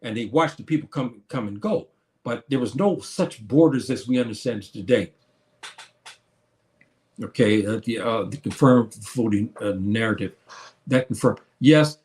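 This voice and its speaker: A man hosting a casual live show, talking straight to his viewers. He is earnest and hesitant, restarts often, and calls his listeners brother and sister. His voice sits at an ordinary middle pitch. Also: a little mellow. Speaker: show host answering viewers. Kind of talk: casual livestream talk.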